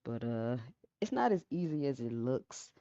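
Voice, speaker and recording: A woman hosting a casual live stream who chats with viewers, reads out their comments and often repeats her phrases in a calm, low-key way. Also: moderate pace, dry recording. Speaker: livestream host. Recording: dull lo-fi sound, dry.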